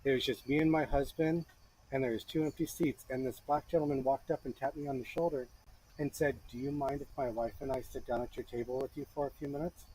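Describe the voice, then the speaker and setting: A man in his thirties telling a lively story to a friend in a workshop, acting out the voices of the people in it. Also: mid-range voice, fast, a little hiss or hum, rough recording. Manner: animated, acts out voices in his stories. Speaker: blacksmith teaching a friend. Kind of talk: casual storytelling. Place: forge workshop.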